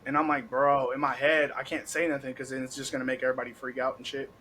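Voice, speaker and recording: A young man hosting a podcast, telling a story in a casual, animated way, laughing often and acting out what people said. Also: mid-range voice, fast talker, slight background noise, poor audio. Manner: animated, laughing, heavy cursing, acts out quotes. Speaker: podcast host.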